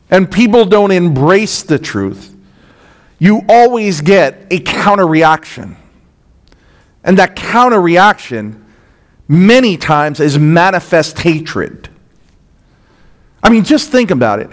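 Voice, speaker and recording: Emphatic male preacher, higher-pitched. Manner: earnest, emphatic, rhetorical asides like "right?". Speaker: pastor. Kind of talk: expository sermon.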